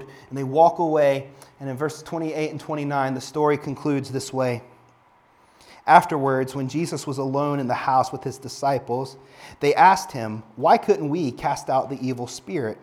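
A man preaching a sermon, building to emphatic, passionate peaks and then dropping to soft, quiet phrases. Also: medium pitch, moderate pace.

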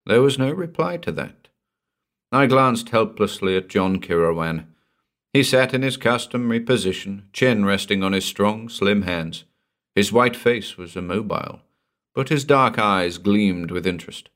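A man narrating a horror story for an audiobook in a dramatic, expressive storytelling manner. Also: fairly low pitch, measured pace.

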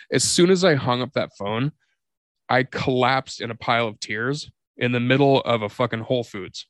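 A man's voice: medium pitch, brisk, fairly bright tone, no echo. A man co-hosting a podcast, telling a candid personal story in a profane, confessional way. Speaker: podcast co-host. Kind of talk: candid comedic podcast conversation.

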